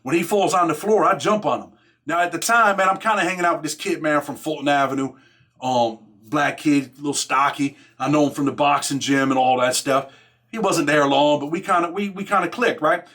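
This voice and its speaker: Telling prison stories on his podcast, this middle-aged Rochester, New York man speaks in streetwise slang, repeating "man" and "right?" and voicing other people's lines in a casual monologue. His voice is fairly high, fairly quick, and fairly bright.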